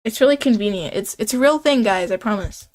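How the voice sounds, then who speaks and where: A woman's voice: mid-range voice, expressive, fairly quick, darkish tone. A young woman streaming a game, playfully reading its text aloud and chatting with viewers, giggling often.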